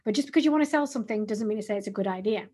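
A woman in her forties co-hosting a business podcast, chatty and animated, often restarting her words. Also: mid-range voice, very fast, slightly rough. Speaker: podcast co-host. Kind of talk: casual business podcast chat.

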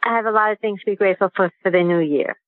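A woman calling in to a radio show, speaking in a halting, earnest way with lots of fillers. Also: medium pitch, dry recording. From Queens, New York. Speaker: caller. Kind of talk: phone call to a radio show. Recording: tinny phone line.

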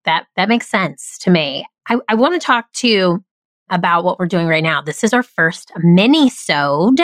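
A woman's voice: fairly low pitch, expressive, moderate pace, a bit bright, dry recording. A woman hosting a podcast, chatting enthusiastically with frequent restarts. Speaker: podcast host. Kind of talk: casual podcast chat.

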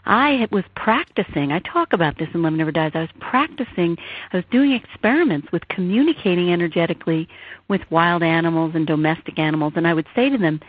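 A woman author and therapist, telling stories in an animated way and acting out the voices she quotes, heard over a phone line. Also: lowish voice, no room sound. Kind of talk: storytelling interview talk. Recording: tinny phone line, dry.

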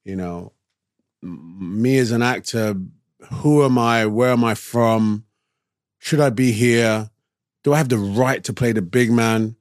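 A man's voice: mid-range voice, unhurried, dry recording. Guy in a chat telling a story, acts out what people said, medium voice, dry close mic. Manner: animated storyteller who acts out other people's lines. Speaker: actor, interview guest.

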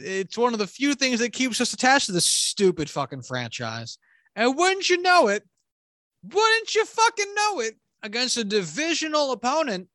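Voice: mid-range voice, fairly bright tone, no echo. A sports fan delivering a furious, profane, sarcastic rant about their football team. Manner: exasperated, sarcastic.

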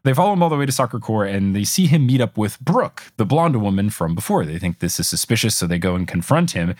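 A man co-hosting a casual podcast, recapping a cartoon episode with animated storytelling and chuckling asides. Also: fairly low pitch, quick pace, dry recording, clean studio sound. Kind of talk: casual chat.

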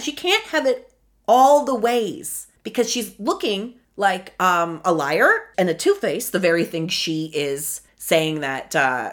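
A woman hosts a casual solo podcast in a lowish voice. Her pitch leaps and dips lively as she swings from muttered asides to loud, excited exclamations. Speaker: podcast host.

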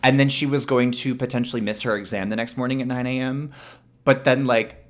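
A man from Canada co-hosting a podcast, chatting casually about a film, animated and laughing often. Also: medium pitch, fairly quick. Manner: animated, laughs often, puts on silly voices. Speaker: podcast co-host. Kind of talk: casual chat.

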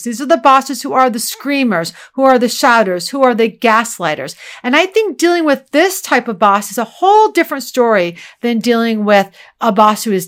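A high-pitched, middle-aged woman hosting a podcast in relaxed conversation. She talks with emphasis and animation and laughs readily between points. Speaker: podcast co-host. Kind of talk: casual podcast chat.

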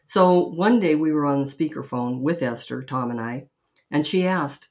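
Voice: mid-range voice, moderate pace, a little mellow. A middle-aged podcast host tells personal stories in an intimate, chatty manner. The voice sits in a middle range and chuckles now and then between anecdotes. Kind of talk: personal storytelling.

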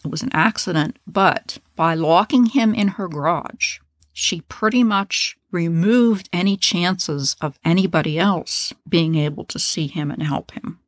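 Low-voiced lady telling a true crime case, blunt and chatty, dry close mic. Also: measured pace, dry recording. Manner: blunt, opinionated, swears in asides. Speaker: true crime podcast host. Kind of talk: casual true crime narration.

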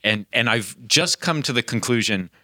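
A man hosting a casual movie chat, animated and prone to tangents, laughing often. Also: medium pitch, normal speed, no echo, clean studio sound.

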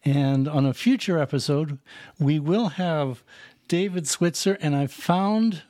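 A man co-hosts a podcast in a careful, measured tone. His voice sits a bit high but sounds mellow and warm. It is recorded close and dry. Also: no echo. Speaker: podcast co-host. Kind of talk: casual podcast chat.

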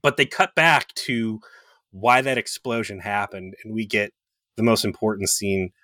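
A man co-hosting a podcast speaks low, with a sharp and forceful tone in a dry, close recording. He jokes and swears in casual review chat, retelling scenes with quoted voices. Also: a little slow, dry recording. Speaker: podcast co-host.

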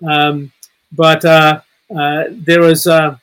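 Bright, high-voiced man in his sixties. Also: flat delivery, takes it slowly, clear, resonant tone. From Chicago, Illinois area. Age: 60s. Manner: playful, rambling storyteller. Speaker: guest author. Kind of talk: casual podcast chat.

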